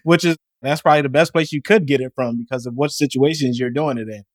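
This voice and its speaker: A man's voice: medium pitch, steady tone, quick pace, dry recording, studio quality. A man who hosts a podcast and works as a coach, affirming his guest and asking questions. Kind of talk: interview host.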